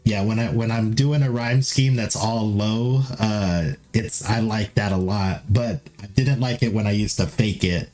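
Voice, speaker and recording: A man talking loosely on a live stream, with a lisp, a nasal edge and raspiness in his low notes, rambling through fillers in a self-deprecating way. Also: a little slow, hardly any pauses, a little mellow, soft background music. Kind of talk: casual live-stream chat.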